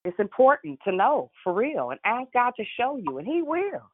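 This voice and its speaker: A woman's voice: on the high side, big pitch swings, moderate pace, no echo. A woman leading a prayer call, encouraging and inviting others to share. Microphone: phone. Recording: tinny phone line.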